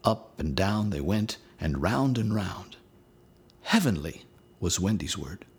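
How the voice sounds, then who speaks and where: A man narrates a scripted lesson and reads a story aloud. His voice is low and husky. His pitch moves a lot as he gives an animated reading. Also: unhurried. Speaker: teacher, storyteller.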